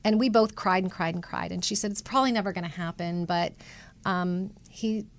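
Animated middle-aged woman storyteller. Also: lowish voice, a little fast. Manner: animated, emotional storyteller acting out quoted voices. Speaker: matchmaker guest. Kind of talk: conversational storytelling interview.

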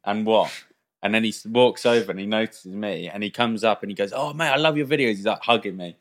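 A man's voice: lowish voice, fast talker. A young man co-hosting a casual podcast, telling stories with quoted voices and plenty of swearing. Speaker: podcast co-host. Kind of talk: casual chat.

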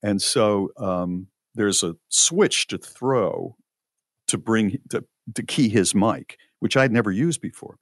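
A man's voice: on the low side, lively intonation, slow pace, no room sound, studio quality. An older man, a podcast co-host and former radio disc jockey, telling a story in casual chat with many fillers and restarts.

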